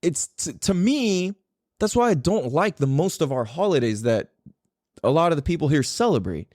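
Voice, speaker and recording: A man's voice: a little high, very animated, moderate pace, a little mellow, no room sound, clean studio sound. A man from the United States hosting a podcast, musing aloud in a casual monologue and swearing freely. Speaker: podcast host.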